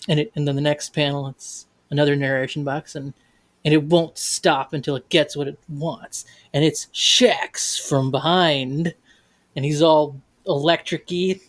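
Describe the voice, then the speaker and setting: A man co-hosting a podcast, describing comic panels in a halting way with many fillers. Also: fairly high pitch, steady tone, fairly bright tone. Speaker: podcast co-host.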